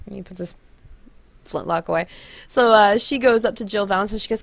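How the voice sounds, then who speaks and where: A woman's voice: brisk, no echo. A woman telling a long story casually on her vlog, rambling and acting out quotes, speaking into a close handheld mic. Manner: rambling, animated, acts out quotes in high voices. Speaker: vlogger. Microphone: handheld corded mic held close.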